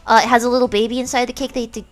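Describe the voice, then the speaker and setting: A woman's voice: on the high side, flat delivery, very fast, soft background music. A woman streamer from the United States chatting casually, rambling with lots of fillers and frequent giggles. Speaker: streamer host. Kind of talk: casual chat.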